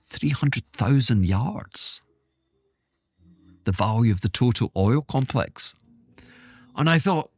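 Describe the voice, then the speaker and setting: A man's voice: mid-range voice, sing-song, unhurried, gravelly, long pauses, breathy edge, dry recording. A man hosting his own podcast, talking in a rambling, self-interrupting way with wry asides. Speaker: podcast host. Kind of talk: casual solo monologue.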